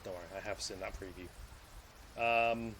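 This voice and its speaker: A man with a low voice streams a video game, rambling, joking and swearing freely as he plays. His intonation stays fairly even at a normal speed, with slight background noise behind the casual live commentary.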